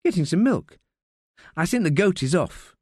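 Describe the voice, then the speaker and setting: A wary pregnant young woman speaks in a strained, lifted voice, as a male narrator puts her on. The lines come lively and high for him, recorded close and dry for an audiobook. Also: normal speed, husky, no room sound, full character voice. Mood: tense.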